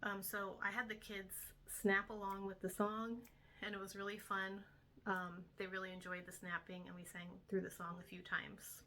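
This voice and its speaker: A woman's voice: medium pitch, steady tone, measured pace, bright, forceful tone. A young woman, a homeschool tutor, casually explaining her week's lessons step by step with frequent ums. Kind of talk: casual instructional talk to camera.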